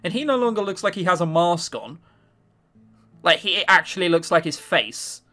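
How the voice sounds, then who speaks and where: A man hosting a let's-play, reading a visual novel aloud and reacting in an excitable, chatty way. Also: high voice, moderate pace, faint music behind. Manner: excitable, chatty, swears in surprise.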